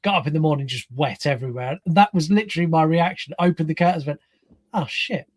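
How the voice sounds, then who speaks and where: A British man in his thirties, co-hosting a podcast, telling stories in a quick, chatty way. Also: a little high. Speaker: podcast co-host. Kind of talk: casual film chat.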